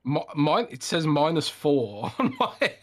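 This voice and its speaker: A man's voice: on the high side, very animated, slow. Teasing, laughing podcast co-host man. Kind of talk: casual chat.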